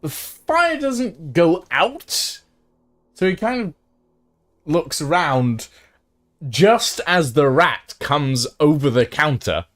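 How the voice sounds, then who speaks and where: A man running a tabletop game as game master, narrating slowly with many fillers and pauses. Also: on the high side, very animated, a bit bright. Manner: slow, halting with many fillers.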